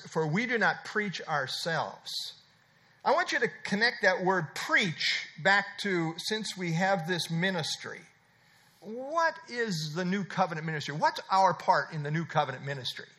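Guy preaching a sermon, high bright voice, swoops up and down a lot, hammers points home by repeating them. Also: lively intonation, a little slow. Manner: expository preaching with repeated emphatic phrases. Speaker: pastor.

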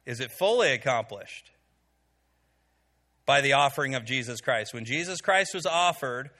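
In a room before a live group, a man teaches a Bible study with a forceful, bright, medium-pitched voice, lively intonation, and a moderate pace. He talks conversationally, using plenty of "okay"s and fillers and asking the room questions.

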